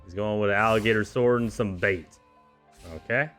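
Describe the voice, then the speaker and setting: A man giving casual, excitable play-by-play commentary on a card game tournament, chuckling often and cheering the players on. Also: on the low side, normal speed, soft background music.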